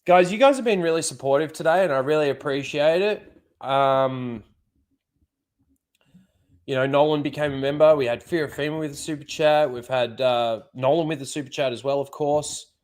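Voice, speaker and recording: A man's voice: a little high, moderate pace, a little mellow. A man hosting a casual livestream, swearing freely and chuckling often. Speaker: livestream host.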